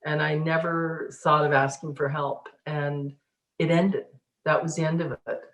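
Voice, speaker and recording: A middle-aged woman speaks in a lowish voice, recounting her life in a relaxed interview. She tells it with animation, often laughing and acting out the inner voices she heard. The room around her is noticeably echoey. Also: a little slow. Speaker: interviewee, spiritual teacher. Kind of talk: casual storytelling interview.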